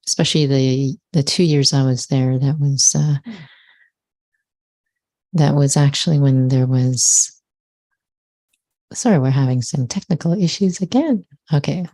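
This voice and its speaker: A woman hosting an interview, asking questions in a soft conversational way. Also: deep voice, no room sound. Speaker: interviewer, host.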